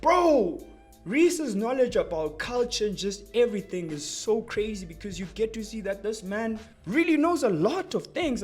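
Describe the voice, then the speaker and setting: A young man explaining rap lyrics in a casual, slangy, excitable way, breaking off from quoted lines to unpack them. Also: high voice. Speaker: music commentator.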